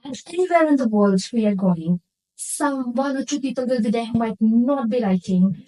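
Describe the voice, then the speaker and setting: A woman's voice: fairly high pitch, expressive, normal speed, warm tone, rough recording. A woman from India, a nurse interviewing a guest and earnestly reflecting on her own experiences. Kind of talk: casual interview chat.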